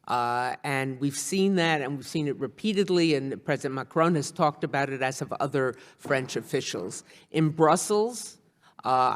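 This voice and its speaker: A woman testifying as a witness at a hearing, speaking in a measured, earnest way. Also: deep voice. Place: congressional hearing room. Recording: long reverb of a hearing room.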